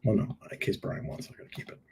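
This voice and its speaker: Speaking quickly in a darkish tone, with slight background noise, a middle-aged man critiques product listings live over screen share. He's playful and jokey, thinking out loud as he edits images.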